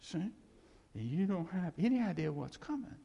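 A man's voice: high voice, sing-song, normal speed, gravelly, warm tone, husky, big-room sound, muffled recording, pitched above the performer's own voice, full character voice. A man quoting God as a blunt, patient voice speaking to a believer, in a plain conversational tone. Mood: knowing.

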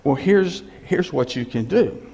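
A male preacher delivers a lively sermon, his gravelly voice sitting a bit high and swinging widely. He tells stories and repeats key phrases. The sound carries a long echo from a hall. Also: unhurried. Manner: animated storytelling with repeated phrases.

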